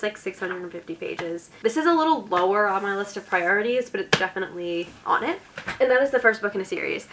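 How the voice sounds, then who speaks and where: A young woman with a New Jersey accent talks in a bright, mid-pitched voice with a touch of vocal fry. She chats casually and reads book blurbs aloud, using plenty of "like" fillers. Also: slight background noise, rough recording. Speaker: book vlogger.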